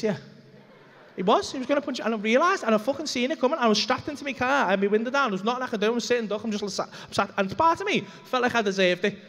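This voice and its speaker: A young man with a Liverpool accent telling a rambling, swearing, animated story as a stand-up comedian on a club stage. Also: very high voice. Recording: reverberant comedy club hall.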